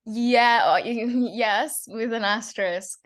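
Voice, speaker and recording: A woman's voice: fairly high pitch, slow pace. A woman in her twenties from Australia with an Australian accent, chatting as a guest actress and laughing often. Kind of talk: casual interview chat.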